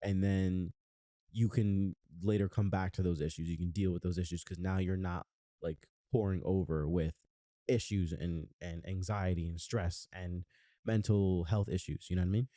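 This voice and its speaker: Young male podcast co-host, low dark voice, loose rambling chat, dry mic. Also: steady tone, normal speed, no echo. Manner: rambling, lots of fillers and restarts. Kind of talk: casual chat.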